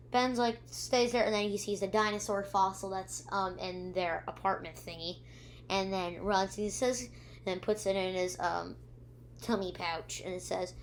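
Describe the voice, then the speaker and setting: A woman's voice: mid-range voice, fairly even intonation, normal speed, a little hiss or hum. A female reviewer recapping episodes in a rambling way, with many ums and restarts, acting out the characters' lines. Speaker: video reviewer.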